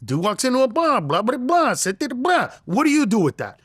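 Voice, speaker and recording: A middle-aged male comedian telling a story in an interview, animated and profane, acting out the voices he quotes. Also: very high-pitched, fairly quick, slightly rough, no room sound, studio quality. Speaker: comedian guest.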